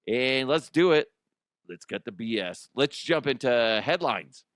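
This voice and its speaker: A man's voice: mid-range voice, expressive, measured pace, heavy background noise. A man hosting a comedic news podcast, talking in a loose, joking way with swearing and self-mockery. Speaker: podcast host.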